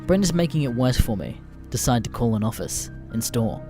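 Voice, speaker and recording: Lively, profane male storyteller. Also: mid-range voice, brisk, over music. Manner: deadpan, profane. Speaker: narrator. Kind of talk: scripted narration of internet stories.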